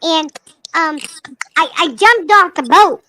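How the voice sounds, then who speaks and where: A woman doing a squeaky, cheeky rainbow lemur. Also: animated, slow, pushed and bright, full character voice, rough recording. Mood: rambling tale. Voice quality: squeaky, chatty, crude storyteller. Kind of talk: comic character monologue.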